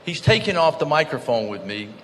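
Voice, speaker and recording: A man giving an earnest conference speech, telling stories and dropping to soft, grave tones. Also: fairly high pitch, big pitch swings, a little fast. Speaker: guest speaker. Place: conference hall. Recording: reverberant hall, faint background noise.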